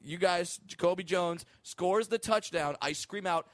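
A man co-hosting a comedy podcast, telling stories in lively casual banter that breaks into loud shouts and laughter. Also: high voice, measured pace, few pauses, background noise. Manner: animated storyteller, bursts into loud shouts and laughs.

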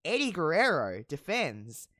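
Animated host with a dry close sound. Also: mid-range voice, a little slow, no room sound. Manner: animated storytelling, profane, laughing. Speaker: podcast host recapping wrestling. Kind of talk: casual chat.

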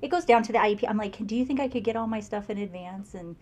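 A woman co-hosting a podcast in casual chat, candid and quick to laugh. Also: medium pitch, darkish tone. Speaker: podcast co-host, parent.

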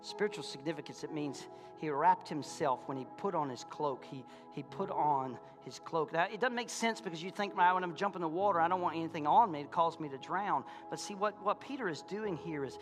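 A man pastor preaching a sermon in a church, folksy, calling out to his congregation, swinging from loud fervor to quiet intensity. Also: on the high side, a little fast, few pauses, over music. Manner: impassioned, rising to shouts and dropping to quiet. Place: church sanctuary.

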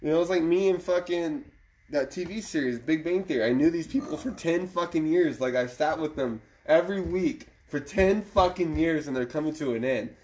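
A man's voice: on the high side, normal speed, darkish tone, slight background noise. A man co-hosting a casual chat show, laid-back, swearing often and laughing a lot.

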